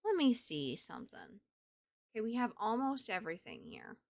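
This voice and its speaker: A woman's voice: on the high side, wildly swooping pitch, moderate pace, gravelly, darkish tone, dry recording, studio quality. A woman with a Southern US accent streaming a game, chatting casually with her viewers and thinking aloud as she plays. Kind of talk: casual gameplay chat with viewers.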